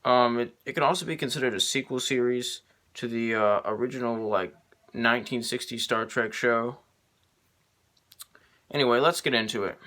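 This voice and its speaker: A man giving an unscripted video review, halting and full of ums and restarts. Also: medium pitch, sharp tone.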